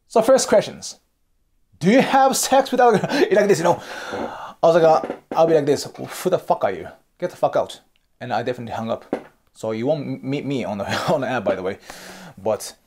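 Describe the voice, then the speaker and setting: Japanese man, Japanese accent, casual advice host, highly animated pitch, swears and laughs often. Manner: blunt, frequent swearing and laughter. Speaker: host giving dating advice. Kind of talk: casual monologue.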